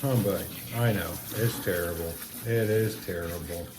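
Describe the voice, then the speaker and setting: In an echoey, noisy indoor space, a man grooms his dog and chats casually with it and the camera. His voice sits low and moves a little slowly, in the easygoing style of a pet owner's vlog.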